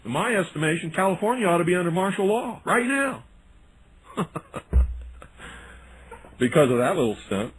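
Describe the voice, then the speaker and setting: A man's voice: on the high side, a little hiss or hum, low-quality recording. A man hosting a radio talk show, delivering an indignant, sarcastic monologue. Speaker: radio host.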